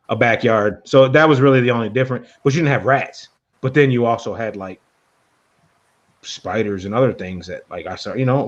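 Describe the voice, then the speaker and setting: A man's voice: mid-range voice, muffled recording. A man from the Detroit area hosting a casual podcast chat, telling stories with lots of laughter and swearing. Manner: storytelling, laughs often, swears freely. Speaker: podcast host.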